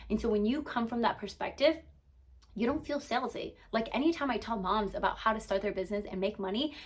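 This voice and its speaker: A young adult woman, a business and mindset coach, giving an energetic motivational talk to camera, peppered with "like" and asking "okay?" as she goes. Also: fairly high pitch, fast. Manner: energetic, emphatic, frequent "like" and "okay?" check-ins.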